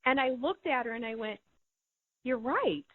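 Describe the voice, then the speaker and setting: A woman's voice: on the high side, fast talker, no echo. A middle-aged woman, a podcast guest, earnestly telling a personal story and repeating words when moved. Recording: thin phone-like line, dry.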